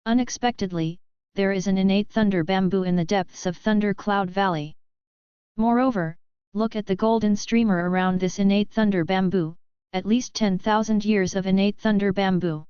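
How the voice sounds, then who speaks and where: A woman narrating an audiobook novel in an even, steady storytelling manner. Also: mid-range voice, normal speed, smooth, no room sound. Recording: slightly dull lo-fi recording.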